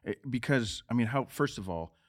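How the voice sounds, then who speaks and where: A man's voice: mid-range voice, lively intonation, normal speed. A man hosting a faith podcast, encouraging and often restarting his sentences. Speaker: podcast host.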